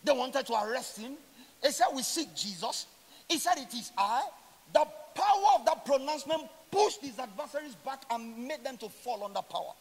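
A man preaching a sermon as a pastor, swinging from loud emphatic lines to quiet, drawn-out endings and slowly stressing scripture quotes. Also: very high voice, animated, breathy edge. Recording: long hall reverb.

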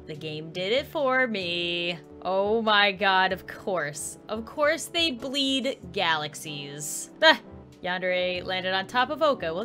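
A young adult woman giving excitable let's-play commentary, quick to laugh and shriek at the screen. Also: medium pitch. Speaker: gaming YouTuber.

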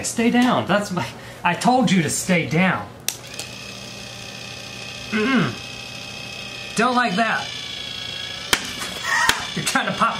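Animated young man joking to a prop. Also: high voice, very noisy. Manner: playful, jokey asides to an object. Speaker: vlogger. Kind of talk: comedic vlog, talking to a prop.

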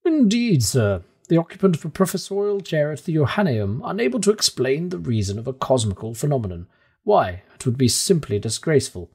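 A man's voice: a little high, wildly swooping pitch, moderate pace, breathy edge, heavily acted. Man putting on a pompous older professor. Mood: indignant. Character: excitable older male professor, proud and pompous.

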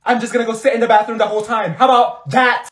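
A man voicing a clingy, dramatic teenage schoolgirl who complains loudly and indignantly in a comedy skit. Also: extremely high pitch, flat delivery, racing. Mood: frantic. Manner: loud, indignant, exaggerated complaining.

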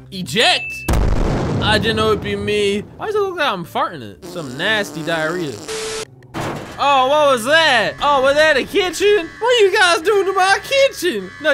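A young man doing excitable, jokey commentary over a video game, reacting loudly and often shouting at what happens on screen. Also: sits high, a little hiss or hum. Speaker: gaming YouTuber. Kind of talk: let's play commentary. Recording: faint game music behind.

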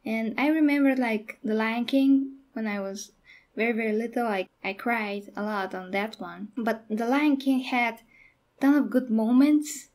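A young woman casually talking through a movie review on her channel, halting and restarting her sentences as she goes. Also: fairly high pitch, steady tone, darkish tone. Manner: halting, with frequent restarts and fillers.

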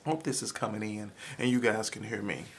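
A man recording a casual morning vlog into his camera, hoarse and chatty, talking straight to his viewers. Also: fairly low pitch, steady tone, a little fast, slight background noise. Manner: chatty, loose, addresses viewers directly. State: hoarse, frog in throat. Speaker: vlogger. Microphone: camera mic, close to camera.

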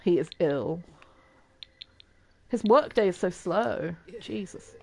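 A woman's voice: on the low side, expressive, slow pace, creaky, darkish tone. A young woman chatting and giggling her way through a life-sim game as a streamer. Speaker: gaming streamer. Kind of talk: casual gameplay commentary.

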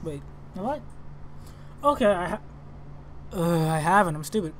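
A young man giving let's play commentary on a video game, excitable and reactive, often exclaiming and swearing. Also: sits high, a little slow, slight background noise. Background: game music.

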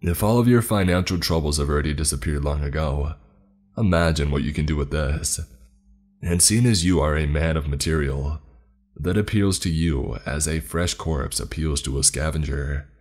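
A man voicing an ancient, menacing male skeleton spirit in a horror story, speaking in a cold, taunting, deliberate way. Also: very deep voice, a little mellow. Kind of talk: scripted horror story narration.

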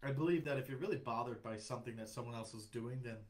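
A man's voice: medium pitch, fast, heavy background noise. A young man chatting on a comedy podcast as a guest, rambling and reflective, with many restarts. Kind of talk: casual podcast chat.

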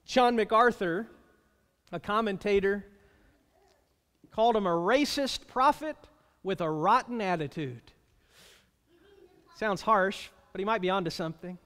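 A man preaching a sermon as pastor, emphatic, slowing down to stretch out key phrases. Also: high voice, a bit bright. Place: church sanctuary. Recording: long reverb of a church hall.

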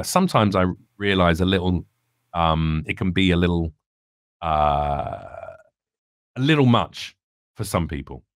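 A man's voice: sits low, no room sound, clean studio sound. Earnest man. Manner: earnest, reflective, rambling with restarts. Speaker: comedian guest. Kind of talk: candid podcast conversation.

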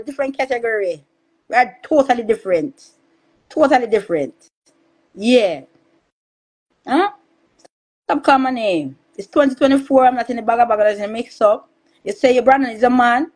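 A Jamaican woman in a heated live-stream rant, loud, cursing and taunting, repeating her insults again and again. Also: a little high, rough recording.

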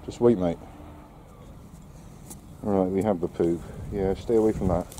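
A man's voice: sits low, fairly even intonation, unhurried, dark tone, a little hiss or hum. A man giving casual vlog commentary outdoors while walking his dog, full of wry, sarcastic asides. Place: outdoors on a seaside quay.

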